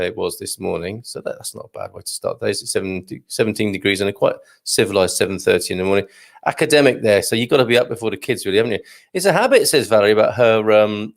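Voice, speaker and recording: A middle-aged man with a gravelly, fry-touched voice hosts a casual live morning show. He reads out viewer comments in a chatty, joking way and chuckles as he goes. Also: mid-range voice. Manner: chatty and jokey, tells corny dad jokes, chuckles often. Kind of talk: casual live-stream chat.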